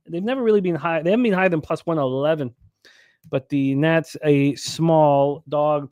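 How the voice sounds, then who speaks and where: A man's voice: a little high, darkish tone, clean tone, no echo, clean studio sound. A man hosting a sports betting show, reading out odds, lines and stats. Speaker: host.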